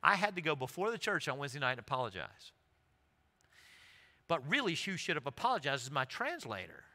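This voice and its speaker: Bright-voiced pastor preaching in a reverberant sanctuary. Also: male voice, a little high, brisk. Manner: storytelling, animated and humorous. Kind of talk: sermon. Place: large church sanctuary. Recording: livestream with long hall reverb.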